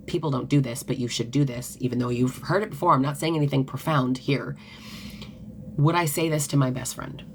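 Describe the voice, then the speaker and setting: A woman's voice: very deep voice, slight background noise. A woman coach and author talking earnestly and casually to viewers on a live stream. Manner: earnest and conversational, with many "like" fillers.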